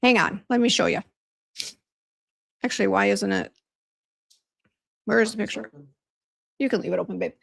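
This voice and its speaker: Her voice is gravelly and medium-pitched, moving at normal speed but broken by long pauses. As a beauty brand owner on a livestream, she vents about a disappointing hair appointment, says hello to viewers by name, reads their comments, and leans on fillers and restarts.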